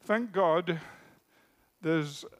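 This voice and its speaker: A man preaching a sermon, telling stories and shifting from a hushed voice to emphatic rises. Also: on the high side, very slow. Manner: storytelling, drops to a hush for anecdotes then rises with emphasis.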